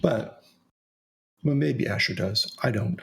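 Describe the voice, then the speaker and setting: A man with a gravelly, creaky edge to his mid-pitched voice hosts a relaxed podcast. He talks in a loose, storytelling way, full of "uh" and restarts. His tone stays conversational throughout. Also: slow. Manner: relaxed storytelling with frequent fillers. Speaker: podcast host. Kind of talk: casual podcast chat.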